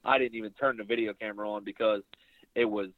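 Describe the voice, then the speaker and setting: A young adult man telling a long hunting story in a casual interview, rambling and animated, acting out the things people said to him. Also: on the low side, quick pace, slight background noise. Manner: rambling, animated retelling with quoted dialogue. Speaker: bowhunter guest. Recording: phone-like line, very dry.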